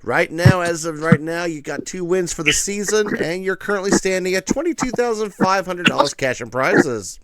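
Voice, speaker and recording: A man's voice: high voice, expressive, normal speed, few pauses, fairly bright tone, smooth. A man hosting a game show with chatty, upbeat patter.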